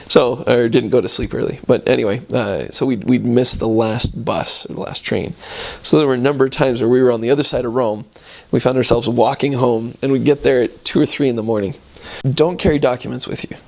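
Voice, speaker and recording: Casual male storyteller, average pitch, loose and chatty, a returned missionary reminiscing. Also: a little fast, creaky. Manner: relaxed, rambling, chuckling between points.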